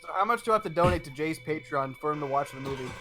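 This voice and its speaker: A man's voice: fairly high pitch, lively intonation, rapid-fire, pushed and bright, faint music behind. A man joining a stream, chatting casually and joking with the others. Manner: joking, teasing. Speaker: stream guest. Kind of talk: casual chat.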